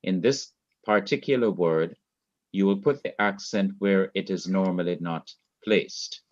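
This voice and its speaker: A man teaching a Hebrew grammar class, explaining slowly and repeating key points. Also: deep voice, dull audio. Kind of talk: online classroom lecture. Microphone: laptop mic.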